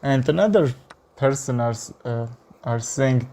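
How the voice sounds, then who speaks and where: In a mid-range, expressive, warm voice, a man from Armenia streams chess and comments live. His English is halting, accented, and full of fillers.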